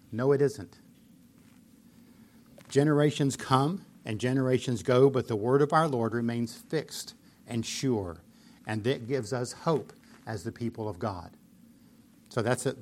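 A man preaching a sermon, explaining scripture earnestly and pressing points with emphatic repetition. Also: mid-range voice. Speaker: pastor.

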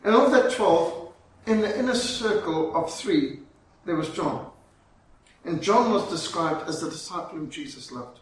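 A man preaching a sermon, telling a story dramatically and slowing down for emphasis. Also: a little high, expressive. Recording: very echoey, from far off, faint ambience.

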